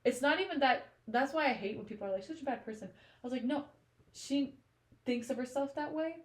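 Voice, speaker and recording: A woman's voice: sits high, brisk. A woman co-hosting a podcast in casual chat about a book. She talks emotionally and gushes, with lots of "like" fillers. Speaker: podcast co-host. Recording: roomy echo.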